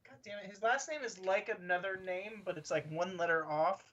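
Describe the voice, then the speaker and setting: A man's voice: sits high, a little fast, highs cut off, a loud crowd. A man from Southern California co-hosting a podcast, easygoing in casual chat and trailing off while searching for words. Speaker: podcast co-host.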